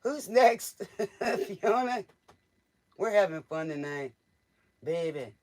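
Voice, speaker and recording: A man's voice: sits high, expressive, slow pace, a little mellow. A man doing a casual live-stream tarot reading, joking, teasing and laughing as he answers viewers' questions. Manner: jokey, teasing, laughs often. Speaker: tarot reader.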